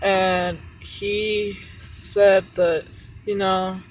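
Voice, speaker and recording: A woman's voice: medium pitch, flat delivery, drawn-out words, a little hiss or hum, rough recording. A woman who works as a cook, frustratedly venting about her job and swearing often.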